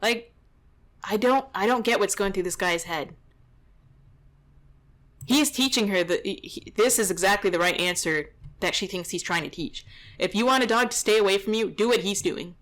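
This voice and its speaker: Woman dog trainer, mid-pitched, reacting to footage with indignant, exasperated commentary. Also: normal speed, a bit bright. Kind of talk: reaction commentary over a video.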